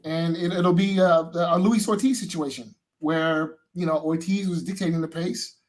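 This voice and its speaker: A man giving casual boxing analysis as a show guest, halting and restarting as he thinks. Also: on the high side. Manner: halting, lots of fillers and restarts.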